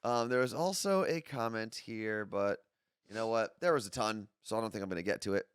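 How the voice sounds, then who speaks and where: A man's voice: on the low side, brisk, clear, resonant tone, dry recording, studio quality. A man co-hosting a casual morning show, joking and poking fun at himself. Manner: joking, self-mocking. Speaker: podcast co-host.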